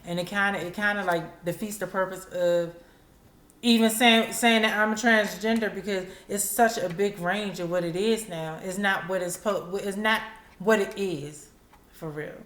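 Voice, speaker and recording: A woman's voice: mid-range voice, normal speed, fairly bright tone. Candid woman host in an echoey room. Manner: candid, conversational, acts out quotes. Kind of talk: casual commentary.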